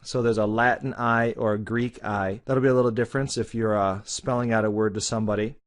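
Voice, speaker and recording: A man's voice: lowish voice, brisk. Man casually explaining a language lesson. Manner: relaxed, conversational explaining. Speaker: Spanish teacher.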